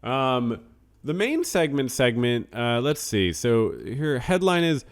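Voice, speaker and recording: A man's voice: fairly low pitch, animated, a little slow. A man hosting a podcast in a casual, rambling way, reading out supporter names and news, often trailing off into self-deprecating mutters. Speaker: podcast host.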